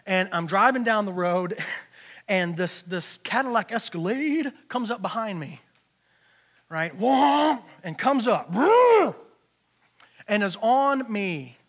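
Middle-aged man, pastor, sermon, high voice, bright tone, animated storytelling, loud to hushed. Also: slow pace.

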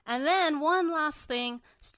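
A young woman co-hosting a pop-culture podcast in excitable, gushing casual chat, laughing often. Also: high-pitched, takes it slowly, dry recording. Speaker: podcast co-host.

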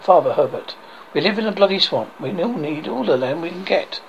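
A man voicing a gruff, bossy middle-aged king lecturing his son, on a dull lo-fi recording with faint hiss. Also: on the high side, expressive, brisk. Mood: blustering.

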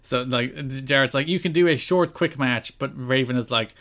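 A man co-hosting a casual podcast, recapping wrestling events with deadpan asides. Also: medium pitch, normal speed. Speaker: podcast co-host.

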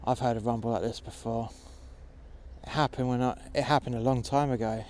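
A man narrating a first-person action story in a low-key, dramatic way with a lot of swearing. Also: steady tone, fairly quick, a little mellow, a little hiss or hum.

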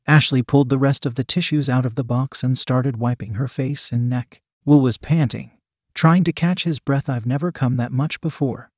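A man reading a story aloud as a narrator, in an even, unhurried storytelling manner. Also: medium pitch, no room sound, studio quality. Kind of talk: scripted audiobook narration.

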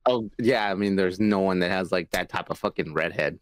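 A man's voice: sits low, brisk, no echo, studio quality. A man co-hosting a podcast in a laid-back, hesitant way, chuckling often as he chats. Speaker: podcast co-host. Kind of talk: casual chat.

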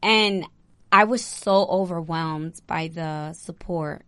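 A young woman, a bride, chatting casually and telling an animated story with lots of "like". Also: on the low side, takes it slowly, dry recording. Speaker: bride recounting her wedding. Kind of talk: casual chat.

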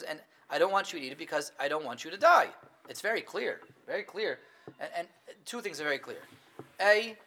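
A middle-aged man with a voice on the high side leads a lively Torah class, putting questions to his students and voicing the figures' words himself.

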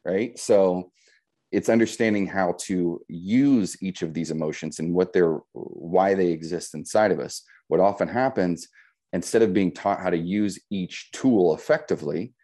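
Deep, mellow man explaining steadily. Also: unhurried. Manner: reflective, explains with metaphors, frequent "right?" tags. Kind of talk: casual conversational podcast.

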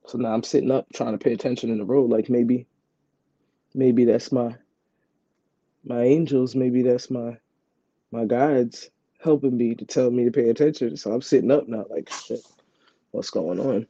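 A man's voice: medium pitch, fairly even intonation, normal speed, warm tone, no room sound. A man telling a rambling, casual story about his day as a vlogger, repeating himself and leaning on "like". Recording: dull, dry lo-fi sound.

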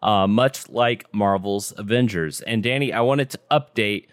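A man hosting a casual podcast chat, giving news updates in a relaxed way with lots of ums and restarts. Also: fairly low pitch, measured pace, clean tone, no echo, studio quality. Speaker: podcast host.

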